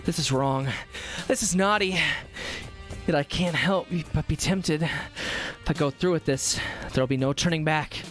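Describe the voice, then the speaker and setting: A woman's voice: deep voice, a little slow, soft background music. A woman doing a cocky young male game hero. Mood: torn. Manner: swaggering, brash.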